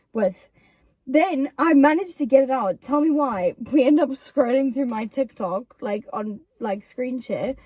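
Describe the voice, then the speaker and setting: A woman's voice: a little high, dark tone, dry recording. A young woman telling stories about her friend in a casual chat, quoting her in put-on voices. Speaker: YouTuber co-host.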